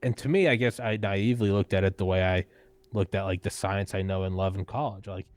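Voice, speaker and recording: Lower-voiced man telling a profane, animated story. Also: fairly quick, no room sound. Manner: animated, profane, acts out quoted people; frequent "like" fillers and restarts. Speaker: podcast host and guest. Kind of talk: casual conversational storytelling.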